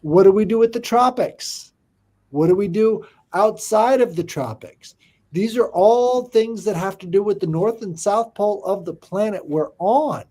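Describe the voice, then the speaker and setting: A man's voice: high-pitched, measured pace, mellow. A man in casual conversation, explaining big ideas emphatically and often asking if the listener follows. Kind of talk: casual chat.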